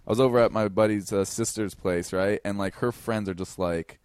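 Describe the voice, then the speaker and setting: A male comedian chatting casually on a podcast, telling animated stories and swearing freely. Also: on the low side, brisk, smooth, no echo, studio quality. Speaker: comedian guest.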